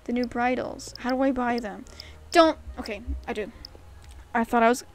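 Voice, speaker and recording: A woman's voice: fairly high pitch, moderate pace. A young woman giving casual, gushing commentary while playing a game, giggling and swearing now and then. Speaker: gaming YouTuber. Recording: faint game music behind.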